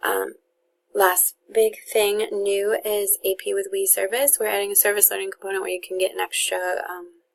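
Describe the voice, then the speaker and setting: A woman's voice: mid-range voice, level tone, moderate pace, vocal fry. A young woman, a teacher casually introducing her course to students and parents, with lots of fillers and restarts.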